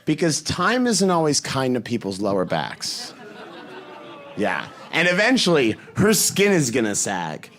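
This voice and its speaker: A man performing a stand-up comedy set, telling animated stories and acting out the voices of people he quotes. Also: medium pitch, a little slow, some chatter behind. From Boston.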